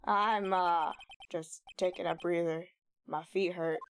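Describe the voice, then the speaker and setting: A woman voicing a gruff, earnest male police detective with a put-on New York accent, talking in a sheepish, plain way. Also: lowish voice, steady tone, slow, a little hiss or hum, pitched below the performer's own voice.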